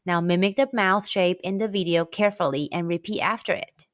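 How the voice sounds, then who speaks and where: Woman teaching a pronunciation lesson, clear and careful, dry close sound. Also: on the low side, fairly even intonation, no echo. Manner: clear, slow demonstration of sounds. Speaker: Chinese language teacher. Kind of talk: scripted language lesson.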